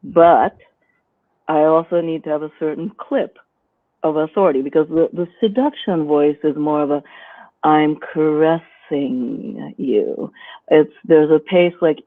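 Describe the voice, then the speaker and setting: A woman's voice: low-pitched, moderate pace. Woman teaching over a tinny line. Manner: demonstrative, explains by acting out voices. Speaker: guest instructor. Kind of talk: instructional live-stream chat. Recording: dry, phone-like line.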